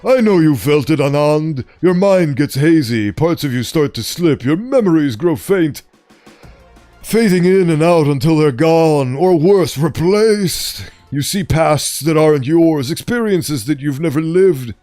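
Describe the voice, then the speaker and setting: A man's voice: fairly high pitch, expressive, mellow, dry recording, faint music behind. Man voicing a worn-out researcher losing his memory. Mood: intense. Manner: halting, distressed, pleading.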